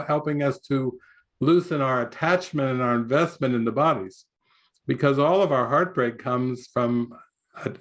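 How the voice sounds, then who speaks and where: A man's voice: medium pitch, a bit bright. An older man giving a spiritual retreat talk over a video call, rambling, with many restarts and frequent laughs. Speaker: spiritual teacher.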